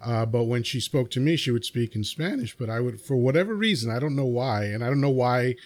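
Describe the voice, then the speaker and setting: A man in a casual podcast conversation with a voice of middling pitch. He tells his story in a reflective, meandering way, circling back on himself as he goes. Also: animated, a little fast, darkish tone.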